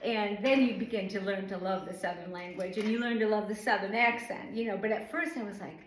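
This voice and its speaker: A woman's voice: medium pitch, steady tone, fairly quick, slight background noise. Chatty woman teacher, echoey room. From northern United States. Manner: rambling, chatty, many fillers. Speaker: Bible study teacher. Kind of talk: informal Bible teaching. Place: church room.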